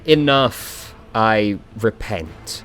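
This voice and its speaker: A man's voice: lowish voice, expressive, drawn-out words, a bit bright, faint music behind, heavily acted. A man reading the lines of a ruthless, zealous female rogue trader, with grand declarations. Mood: repentant. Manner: grandiose declarations, read aloud from the screen.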